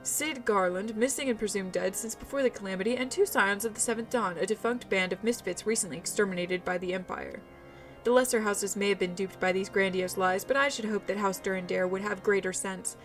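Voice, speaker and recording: A woman's voice: medium pitch, natural voice. A woman reading a pompous inquisitor. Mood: scornful. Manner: grandiose, rapid speechmaking. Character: pompous scheming male inquisitor. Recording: faint music behind.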